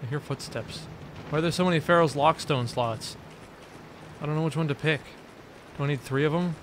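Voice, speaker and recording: A young man doing let's play commentary, excitable and sarcastic, trash-talking enemies and swearing. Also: fairly high pitch, a little fast. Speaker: gaming video host. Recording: noisy background.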